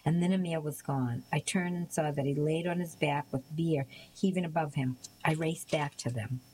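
Low female narrator, measured audiobook read, light hiss. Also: rough recording. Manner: measured, even storytelling with occasional small slips. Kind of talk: scripted narration.

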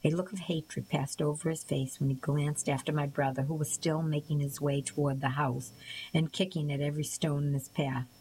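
A woman reading a novel aloud as an audiobook narrator, in a measured, even storytelling manner. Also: low-pitched, low-quality recording. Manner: measured, even storytelling with occasional small slips. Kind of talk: scripted narration.

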